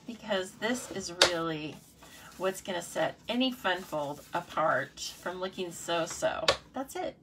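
A woman's voice: mid-range voice, a bit bright, slight background noise. A woman demonstrating card-making in a casual live tutorial, chatty and playful, talking to herself and her viewers. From United States.

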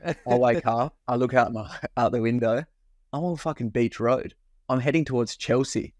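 A man's voice: mid-range voice, fairly even intonation, moderate pace, a little mellow, no echo, clean studio sound. A young man co-hosting a podcast, telling a rowdy night-out story with swearing and acted-out dialogue. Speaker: podcast co-host. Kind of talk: casual storytelling chat.

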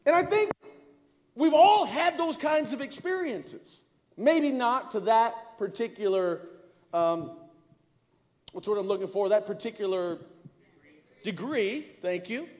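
A man's voice: extremely high pitch, animated, slow pace, pauses often, a little mellow, big-room sound. A middle-aged man preaching a sermon as pastor, speaking conversationally, repeating words and calling out to the congregation. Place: church sanctuary.

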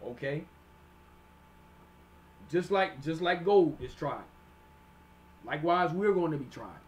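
Man, high voice, sermon teaching, slow verse reading, plain explanations, keeps checking in with listeners. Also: animated, dull audio. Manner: reads verses slowly then explains in plain street talk; repeats "all right?" to check on listeners.

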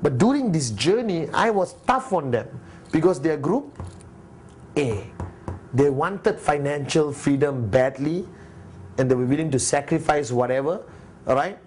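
A man's voice: a little high, lively intonation, unhurried, pauses often, darkish tone, a little hiss or hum. A man giving a blunt, pushy motivational talk, firing rhetorical questions at his audience. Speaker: network marketing leader and motivational speaker.

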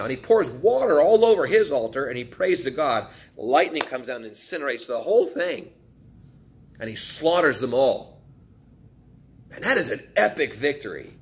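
A man's voice: mid-range voice, lively intonation, moderate pace. A male pastor preaching a sermon in a conversational way, asking his listeners questions and acting out quotes from the text.

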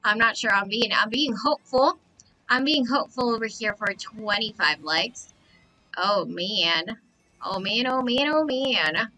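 A young woman live-streaming a racing game, talking with the chat and repeating excited exclamations as she plays. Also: on the high side, unhurried, low-quality recording. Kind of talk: excited gameplay commentary.

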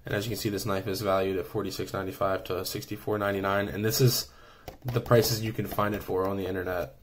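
A man's voice: deep voice, flat delivery, quick pace, slight background noise. A man giving an enthusiastic, rambling review while unboxing a subscription knife, with many fillers and restarts.

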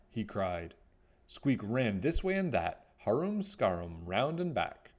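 A man reading a children's picture book aloud, with expressive storytelling. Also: on the low side, slow.

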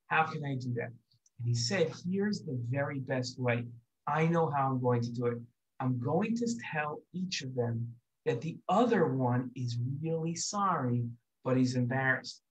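A man hosting a children's show, telling a story and acting out the characters with lively voices. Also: mid-range voice. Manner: animated, acts out characters in raised voices. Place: synagogue video set.

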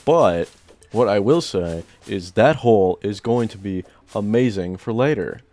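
Excitable young man doing game commentary. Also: unhurried, faint music behind. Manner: excitable, swings into loud high-pitched outbursts. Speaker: gaming YouTuber. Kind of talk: excited let's-play commentary.

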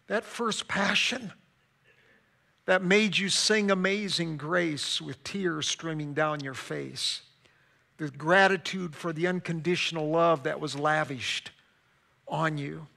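A male pastor preaching a sermon dramatically, swinging from loud emphasis to hushed, quiet stretches. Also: fairly high pitch, takes it slowly, vocal fry.

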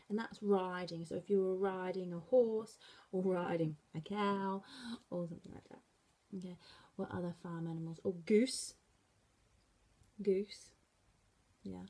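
Slow husky woman teaching signs. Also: mid-range voice, a little mellow. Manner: slow and patient, saying each sign word aloud. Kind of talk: sign language lesson. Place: school room.

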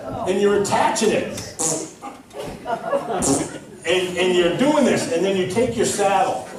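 A male pastor preaching a sermon, telling a story with lively, laughing delivery. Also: sits high. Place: church. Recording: echoey hall from far off.

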